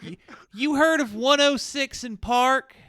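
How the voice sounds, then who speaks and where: A man doing a snooty Southern lady who gushes in a high, loud, drawn-out voice. She sounds bright and sharp, recorded close and dry. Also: clean tone, no echo, exaggerated voice. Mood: mocking. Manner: mocking, high gushing drawl. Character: snooty Southern white woman gushing, adult.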